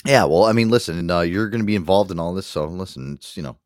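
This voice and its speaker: A man's voice: low voice, expressive, fast, dry recording, studio quality. A man hosting a podcast in casual chat, rambling, swearing freely and laughing often. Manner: crude, rambling, laughs a lot. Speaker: podcast host.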